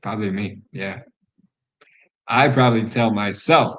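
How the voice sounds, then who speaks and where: Casual, candid male podcast host with a lower voice who swears freely. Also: normal speed, dull audio.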